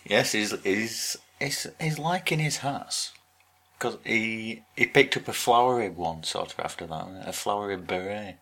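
A man's voice: fairly low pitch, normal speed, pushed and bright. A man co-hosting a podcast in casual chat, earnest and argumentative, restarting his words often. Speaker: podcast co-host.

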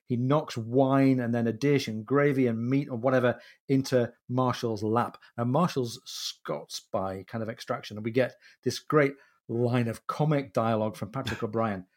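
This podcast host speaks at a normal speed and medium pitch, chatting in an animated way about what makes a novel funny. Every so often he reads quoted passages, slipping into put-on accents as he does.

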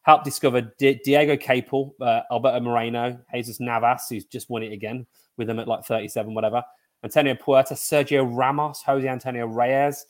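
A middle-aged man co-hosting a casual football chat podcast, lively and jokey. His voice sits at an ordinary pitch for a man. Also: fairly quick. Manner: animated, jokey, puts on silly foreign-player voices. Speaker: podcast co-host.

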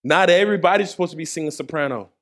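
A man's voice: on the high side, very fast, a bit bright. A man preaching a sermon in a conversational way, with playful asides to the congregation. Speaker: pastor.

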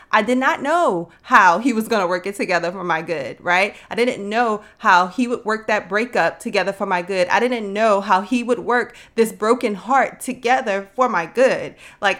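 A young woman with a medium-pitched, slightly bright voice hosts a faith podcast. She talks earnestly and conversationally, encouraging her listeners and calling them sis.

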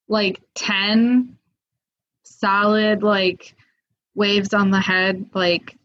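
A woman telling a story in a casual, lively way, with lots of fillers, acting out what people said. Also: mid-range voice. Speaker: guest. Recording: muffled lo-fi audio.

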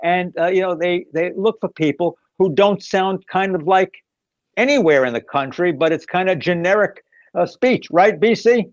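A man chatting in a jokey way, laughing easily. His voice sits high, and the recording is dry and a bit muffled. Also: normal speed, no echo. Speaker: priest, co-host. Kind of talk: casual chat.

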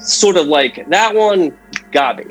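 A man in his forties, a guest painter from Massachusetts, chatting casually on a podcast and telling stories in an animated way. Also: a little high, takes it slowly, soft background music, rough recording. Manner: animated storyteller, restarts and fillers.

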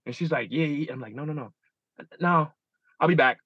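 A man's voice: on the high side, very animated, fast talker, breathy edge, dry recording, muffled recording. A man in his thirties, a guest in a casual interview, telling stories animatedly and acting out his own inner dialogue. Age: 30s.

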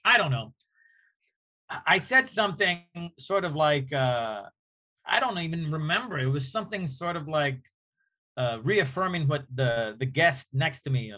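A man, a comedian guest on a podcast, telling an animated, profane anecdote in casual chat. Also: fairly high pitch.

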